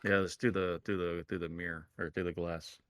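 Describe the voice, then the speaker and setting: A man's voice: low voice, little pitch movement, a little fast, no echo, clean studio sound. A man co-hosting a podcast, making blunt and crude remarks. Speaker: podcast co-host. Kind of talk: casual podcast chat.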